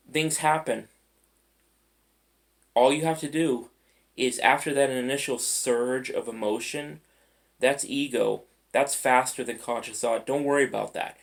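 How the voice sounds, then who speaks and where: A man's voice: medium pitch, gravelly. A man mentoring listeners in a casual, conversational motivational talk, acting out everyday scenarios as he goes. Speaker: life mentor.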